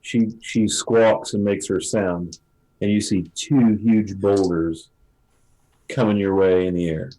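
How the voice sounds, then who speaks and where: A man running a tabletop role-playing game as dungeon master, narrating in a relaxed, halting way with many fillers. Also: fairly low pitch, rough recording.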